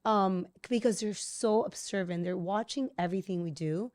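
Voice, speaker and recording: A woman hosting a podcast, talking casually with quick, conversational restarts. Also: mid-range voice, darkish tone, no room sound. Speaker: podcast host. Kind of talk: casual chat.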